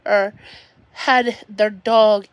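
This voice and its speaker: A woman's voice: mid-range voice, steady tone, drawn-out words, clear, resonant tone, no echo. A woman livestreaming from home, talking in a rambling, upset way and often restarting her sentences. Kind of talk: emotional personal livestream monologue.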